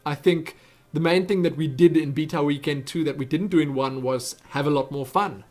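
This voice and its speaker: A man's voice: fairly high pitch, normal speed, a little mellow. A young man with a South African accent chatting through viewer questions on his webcam vlog, rambling with lots of asides and self-corrections. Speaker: YouTube host answering viewer questions. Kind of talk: casual Q&A vlog chat.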